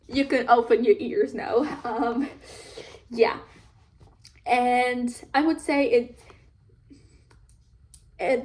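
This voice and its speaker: A woman with a fairly high voice talks through a book review in an unhurried, loose way. She rambles and leans on filler words as she goes, keeping the tone relaxed and conversational. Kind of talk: casual book review chat.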